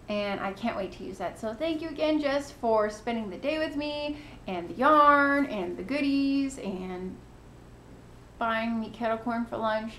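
A woman's voice: on the high side, fairly bright tone, reverberant, slight background noise. A woman hosting a knitting podcast, chatting casually and gushing with thanks. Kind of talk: casual chat to camera.

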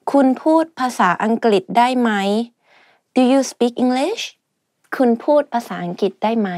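A young woman teaches everyday phrases in a loose, chatty lesson, talking quickly and sprinkling in fillers and laughs. Her voice sits a little high and sounds close and dry, with no room around it. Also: darkish tone, no room sound. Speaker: language teacher. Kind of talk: casual spoken language lesson.

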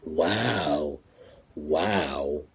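A man's voice: a bass voice, extremely slow, slightly rough. A man streaming live to fans from his phone, in a profane, taunting, confrontational rant. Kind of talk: livestream rant.

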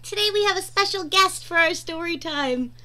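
Woman doing story time for kids, very high lively voice, gentle sing-song. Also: moderate pace, a little hiss or hum. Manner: gentle, sing-song, talks to her own dog between pages. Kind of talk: children's read-aloud.

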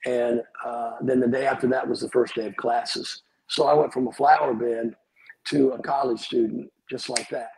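Gravelly pastor telling a story. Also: male voice, mid-range voice, flat delivery, moderate pace, a little mellow, a little hiss or hum, rough recording. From Georgia, USA. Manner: vivid storyteller who acts out dialogue. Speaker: pastor, guest. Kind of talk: personal testimony storytelling.

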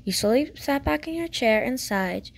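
A woman narrating a fanfic story with a gentle, even reading style. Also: high-pitched, normal speed, vocal fry. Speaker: fanfic reader.

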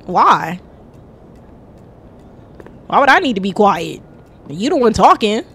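A woman streamer, loudly and brashly joking while she plays a game live. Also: mid-range voice, big pitch swings, slow, slightly rough.

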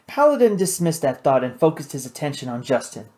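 Guy narrating an audiobook, steady and measured, slightly high voice. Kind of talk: scripted narration.

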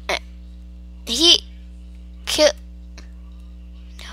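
A woman's voice: on the low side, moderate pace, pauses often, noisy background. A woman giving casual gameplay commentary, talking playfully to the creatures on screen. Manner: talks to game creatures in a hushed, playful way.

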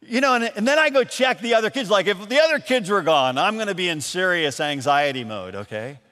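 A man from Michigan preaching a sermon as pastor, telling a story in a lively, animated way and acting out the voices in it. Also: sits high, brisk, big-room sound. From Michigan, USA. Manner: storytelling, animated, acts out calls and quotes. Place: church.

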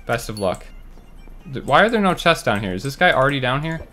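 A man giving running commentary on his own gameplay, muttering to himself and breaking into loud, frustrated outbursts. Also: medium pitch, very animated, a little fast, soft background music. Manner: talks to himself while playing. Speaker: gaming channel host.

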